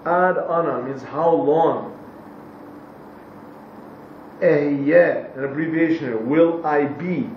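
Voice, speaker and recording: A man teaching a class, translating a text phrase by phrase into English and pausing often to search for the right word. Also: fairly high pitch, slight background noise. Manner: pauses to search for English words. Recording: echoey, distant, dull lo-fi room recording.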